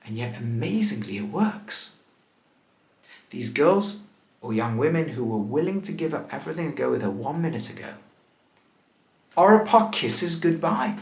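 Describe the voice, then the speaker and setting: A man, a rabbi, teaching scripture in a lively way, asking rhetorical questions and laughing at the text. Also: mid-range voice, normal speed, long pauses, roomy sound. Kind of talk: animated scripture lesson.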